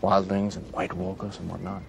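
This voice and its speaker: A gravelly, sardonic highborn knight. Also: male voice, little pitch movement, moderate pace, slight background noise. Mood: mocking.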